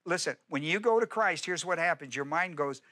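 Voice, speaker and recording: Male pastor, middle-aged, bright voice a touch high, emphatic repetitive sermon delivery. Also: lively intonation, brisk. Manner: emphatic, repetitive preaching with direct questions to the congregation.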